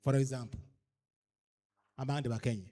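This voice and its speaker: A man with a Ugandan accent lectures cultural leaders at an orientation, alternating between English and a local language. His mid-range voice is mellow, moves at a normal speed, and keeps a fairly even intonation, yet he is emphatic, pressing his audience with one rhetorical question after another.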